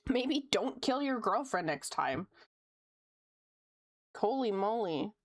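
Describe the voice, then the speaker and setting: A woman's voice: mid-range voice, sing-song, takes it slowly. A young woman streamer chatting casually while she draws, reading chat aloud, laughing often and swearing freely.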